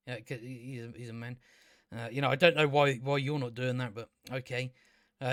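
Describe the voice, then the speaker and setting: A man's voice: mid-range voice, moderate pace, long pauses, a bit bright, clear, resonant tone, no room sound, studio quality. A man giving a casual spoken TV review, ranting sarcastically with lots of swearing and filler words. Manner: sarcastic, sweary, rambling rant with many fillers. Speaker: TV show reviewer.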